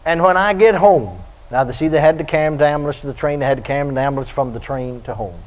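Older preacher, folksy storytelling. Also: male voice, racing. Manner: storytelling, bursts into high shouted praise. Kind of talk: folksy radio sermon. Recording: dull lo-fi archive radio recording.

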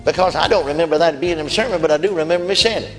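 A man's voice: a little high, racing, fairly bright tone, long reverb tail, faint music behind. A man preaching a sermon, telling folksy stories with quoted voices and chuckles. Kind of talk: sermon storytelling.

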